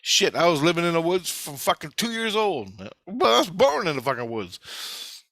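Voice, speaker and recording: Man vlogger, tense forceful voice, swears constantly, rambling storyteller, dry close sound. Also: on the high side, sing-song, normal speed, no room sound. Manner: profane, intense, rambling storytelling. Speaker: vlogger recounting past-life memories. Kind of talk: casual spoken monologue.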